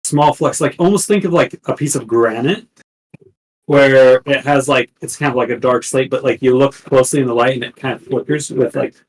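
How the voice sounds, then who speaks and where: A man's voice: mid-range voice, brisk, poor audio. Male game master, rambling descriptive narration.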